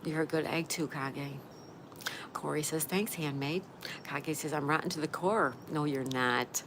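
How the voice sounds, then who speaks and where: Unhurried and low-pitched, a Florida woman chats on her livestream and reads the live chat messages out loud. Background noise is present, including rain ambience.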